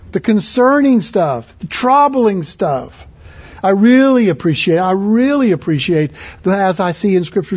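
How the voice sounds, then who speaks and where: Male preacher, high husky voice, earnest conversational sermon, muffled recording. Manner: earnest and conversational, rising in pitch for emphasis.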